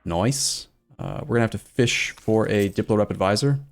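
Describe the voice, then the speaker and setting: A man's voice: fairly low pitch, moderate pace, slight background noise. Man thinking aloud over a strategy game. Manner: chatty, thinking aloud, reads chat aloud. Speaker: streamer playing a strategy game. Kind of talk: casual let's-play commentary.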